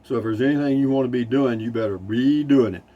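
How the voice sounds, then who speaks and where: A man's voice: medium pitch, fast, warm tone, muffled recording. An older man with a Texan accent, casually reading viewer comments from his motorhome, rambling and dryly joking. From Texas. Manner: folksy, rambling, dry humor. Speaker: RV vlogger. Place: inside a Class C motorhome.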